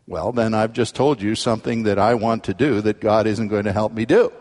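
A male pastor preaching a sermon, earnest, his voice climbing sharply in pitch and force when he presses a point. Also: brisk, hardly any pauses, a little mellow, in a large hall.

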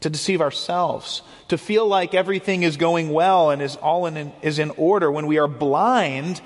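A man's voice: fairly high pitch, moderate pace. A man preaching a sermon as a pastor, explaining earnestly and often repeating words as he goes. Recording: long hall reverb.

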